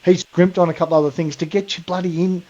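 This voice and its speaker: A man's voice: sits high, level tone, quick pace, dark tone, dull audio. A man in his forties with an Australian accent, co-hosting a podcast in blunt, sweary casual chat, calling people mate and brother. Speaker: podcast co-host.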